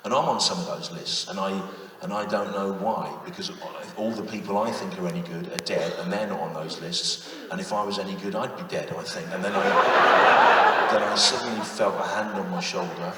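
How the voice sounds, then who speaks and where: A man's voice: low-pitched, steady tone, a little fast, heavy background noise. A man in his fifties doing a live stand-up routine, sardonic and self-mocking, leaning on tag questions. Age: 50s. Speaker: stand-up comedian. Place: large theatre on stage. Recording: distant echoey hall with loud audience.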